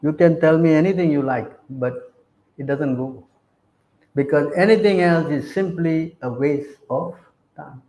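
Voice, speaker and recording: A man's voice: on the high side, measured pace, mellow, reverberant, rough recording. A man preaching a sermon, emphatic, keeps asking his listeners questions. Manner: questions the audience again and again.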